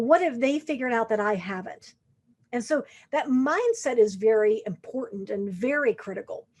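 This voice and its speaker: A middle-aged woman coaching salespeople on a podcast, in a slightly higher voice. She talks casually and slips into the voices of prospects and salespeople to make her points. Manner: conversational, acts out quoted lines of prospects. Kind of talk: podcast sales advice monologue.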